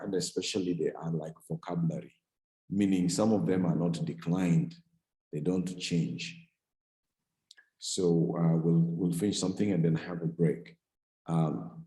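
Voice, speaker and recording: A man's voice: deep voice, warm tone, reverberant, low-quality recording. A man teaching a Greek grammar class, explaining step by step and often restarting and correcting himself. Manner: explains slowly, with frequent restarts and self-corrections. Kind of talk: classroom lecture.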